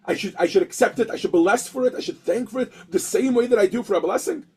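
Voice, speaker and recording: A man's voice: high-pitched, fast talker, darkish tone, breathy edge, low-quality recording. A man teaching a lesson, telling a story and acting out the characters with many restarts.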